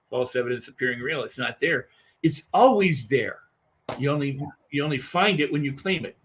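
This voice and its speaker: Husky, emphatic man in conversation. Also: fairly high pitch, normal speed. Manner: emphatic and animated, with repeated phrases. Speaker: interview guest. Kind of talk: conversational podcast interview.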